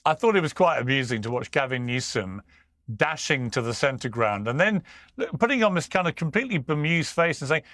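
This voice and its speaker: A man's voice: fairly high pitch, a little fast, no echo. A man hosting a talk show, telling a wry, mocking anecdote. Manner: wry, lively storytelling. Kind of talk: political talk show chat.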